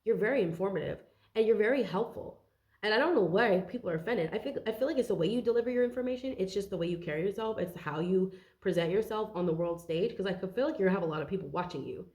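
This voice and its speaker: A woman's voice: mid-range voice, lively intonation, fast, a little mellow. A young woman giving a casual, rambling tarot reading, out of breath and swearing now and then. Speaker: tarot reader.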